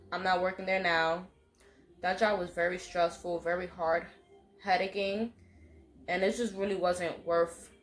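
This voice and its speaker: A young woman tells a story straight to camera. She keeps it animated and salty, with plenty of swearing and street slang. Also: on the low side, a little hiss or hum. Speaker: vlogger. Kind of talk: storytime monologue.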